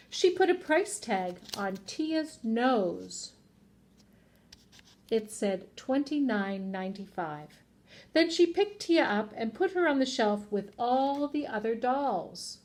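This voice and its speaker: Reading slowly, with slight background noise, a woman teacher whose voice sits on the high side shares a children's picture book. She performs the characters with expressive voices and puts questions to her listeners.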